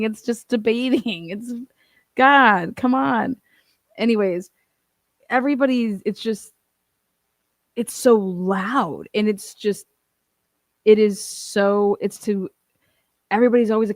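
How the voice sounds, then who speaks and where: A woman co-hosting a commentary show, chatting casually in a rambling, animated way, swearing and laughing freely. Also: medium pitch, moderate pace, long pauses, no echo. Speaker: co-host. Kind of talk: casual chat.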